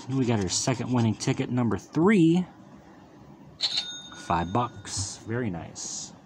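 Slow, chatty man scratching tickets. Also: mid-range voice, background noise. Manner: calls out each symbol, upbeat wisecracks. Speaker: lottery scratch-off channel host. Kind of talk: casual running commentary while scratching tickets.

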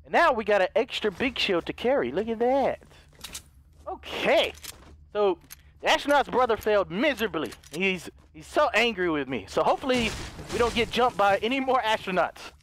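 A man commentating his own video game play, jokey and excitable, dropping to hushed mutters and then bursting into loud yells. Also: high-pitched, moderate pace, a little hiss or hum. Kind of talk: live gameplay commentary.

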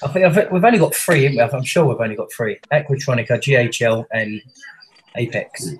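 A man's voice: mid-range voice, animated, quick pace, a little hiss or hum, rough recording. A man chatting casually on a live stream call, egging his friends on. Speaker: live stream chat participant. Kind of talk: casual banter.

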